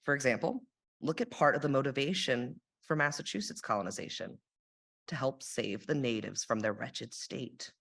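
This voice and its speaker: A woman's voice: very deep voice, moderate pace, creaky, fairly bright tone. A young woman giving a sermon in a church, reflective in tone and dropping dry sarcastic asides. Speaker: lay sermon speaker. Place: church sanctuary.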